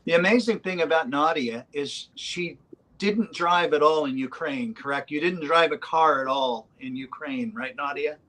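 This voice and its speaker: A man with a somewhat high voice chats loosely about his band. He wanders through his thoughts, pausing often with fillers. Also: bright, forceful tone, rough recording. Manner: rambling, hesitant with many ums. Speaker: band member. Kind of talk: casual interview chat.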